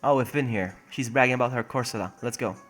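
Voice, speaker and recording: A man's voice: medium pitch, quick pace, a bit bright, soft background music. A young man casually commentating a video game stream on a phone, chatty and jokey, laughing often and reading game text aloud. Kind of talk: casual let's-play commentary.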